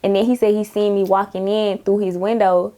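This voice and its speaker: A woman's voice: mid-range voice, little pitch movement, brisk, warm tone. A young woman rapper in a casual interview, telling stories animatedly and laughing often.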